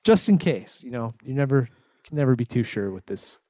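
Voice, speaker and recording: A man's voice: medium pitch, very animated, brisk, mellow, no echo. Dry, sarcastic man recapping a game. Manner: walks through the plot, dry sarcasm. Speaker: podcast co-host. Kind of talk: casual game review chat.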